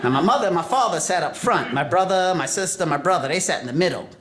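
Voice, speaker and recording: A man from New York City doing a stand-up comedy set, telling stories with lively quoted voices. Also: fast talker. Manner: animated storytelling, jumps into high voices for quotes. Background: audience laughter.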